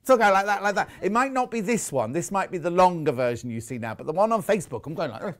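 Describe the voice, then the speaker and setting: Chatty TV shopping host. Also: male voice, sits high, lively intonation, fast. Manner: chatty, rambling, teasing. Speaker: shopping channel presenter. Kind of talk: live TV sales chat.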